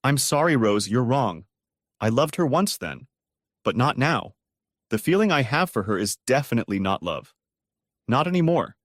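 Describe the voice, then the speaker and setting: A man's voice: medium pitch, big pitch swings, normal speed, dry recording, studio quality. A man playing a bitter, heartbroken mechanic who rants and answers coldly, in a storybook audio reading. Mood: angry. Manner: bitter, ranting, clipped. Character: bitter, heartbroken male mechanic, cold then angry.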